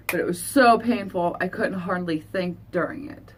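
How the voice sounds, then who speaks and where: A woman vlogger telling a painful personal story in an earnest, halting, confessional way. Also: on the low side, slight background noise. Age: adult. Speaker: beauty vlogger.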